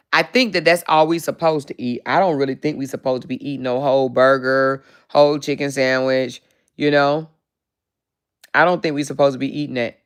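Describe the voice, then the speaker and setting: A woman hosting a casual livestream, chatting with viewers and reading their comments in an animated, salty way, with lots of "child" and "baby.". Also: extremely low pitch, clean tone. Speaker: livestream host.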